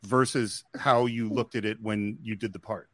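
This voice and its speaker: A man's voice: fairly low pitch, fairly even intonation, normal speed, fairly bright tone, no room sound. A man hosting a panel discussion, who stumbles eagerly into his questions. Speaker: host.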